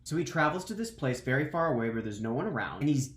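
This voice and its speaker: Woman, book recap host, enthusiastic and slangy, very lively pitch, roomy echo. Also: quick pace. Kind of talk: casual video book recap.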